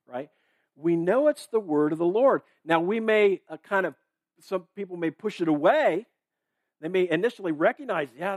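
A man's voice: a little high, no echo. A man preaching a sermon as a pastor, reading verses and commenting in a casual, conversational way with many fillers. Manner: casual, conversational, reads verses and checks in with "right?" and "okay?"; filler-heavy with restarts.

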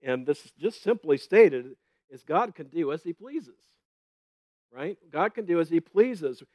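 A man's voice: on the high side, animated, a little slow, no room sound, muffled recording. A man giving a conversational Bible teaching, telling stories with gusto and often checking in with "right?". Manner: chatty, keeps asking "right?", retells stories with gusto; laughs at his own stories.

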